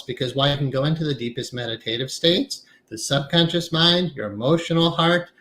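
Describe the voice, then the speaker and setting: A man's voice: fairly high pitch, a bit bright, low-quality recording. Man teaching a meditation class. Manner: conversational, reflective, with fillers. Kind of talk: casual lecture.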